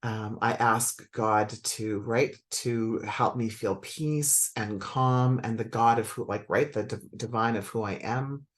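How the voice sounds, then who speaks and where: A woman's voice: a bass voice, takes it slowly, hardly any pauses. A middle-aged woman talking as a spiritual coach to her audience, conversational and reflective, with many fillers and self-corrections.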